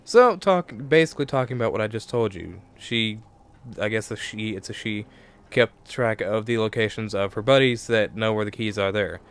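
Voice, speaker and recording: A man's voice: on the low side, moderate pace, clean tone. A young man giving casual let's play commentary into a desk microphone, rambling and correcting himself as he thinks aloud.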